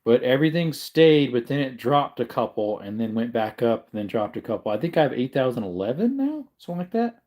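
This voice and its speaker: Speaking a little fast with few pauses, this medium-pitched man rambles through his casual livestream. He keeps correcting himself, yawns from tiredness, and stays relaxed throughout.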